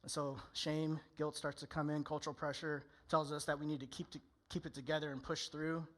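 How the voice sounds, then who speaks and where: A man's voice: a little high, level tone, a little fast, a bit bright. A male pastor preaching a candid, conversational sermon in church, often acting out people's inner voices.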